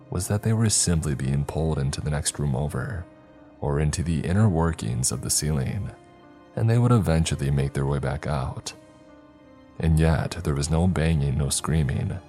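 A man with an extremely low, deep voice reading a scary story in a measured, steady way. Soft music plays quietly under his narration. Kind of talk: scripted horror narration.

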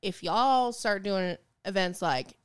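A woman's voice: medium pitch, slow pace, smooth, no room sound, clean studio sound. A woman co-hosting a podcast, chatting casually in a living room, rambling with lots of fillers and the odd swear. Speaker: podcast co-host. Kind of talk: casual chat.

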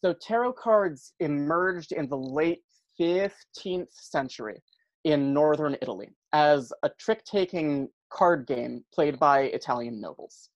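A man's voice: a little high, unhurried, dry recording, dull audio. Chatty man explaining at length. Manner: chatty, frequent "um" and "you know", explains at length. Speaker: podcast guest, tarot practitioner. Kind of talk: casual explanatory chat.

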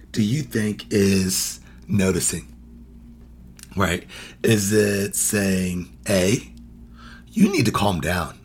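A man's voice: on the low side, husky. A man hosting a podcast, talking casually as he teaches, quizzing listeners, laughing often and acting out quoted phrases. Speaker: podcast host.

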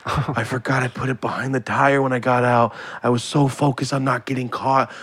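A man in his late twenties telling a story in casual podcast chat, animated and swearing freely. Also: medium pitch, brisk, slightly rough. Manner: animated, swears freely, acts out quoted voices.

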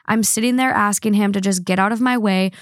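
Here the podcast host, mildly drunk, chats loosely through online comments, full of fillers and slips. Her medium-pitched voice moves fairly quickly with fairly even intonation, captured in a clean, dry studio recording.

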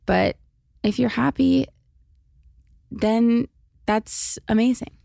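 A woman's voice: fairly high pitch, steady tone, slow, creaky, warm tone, dry recording, clean studio sound. A young woman hosting a podcast, giving casual advice in a chatty way with lots of fillers. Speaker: podcast host.

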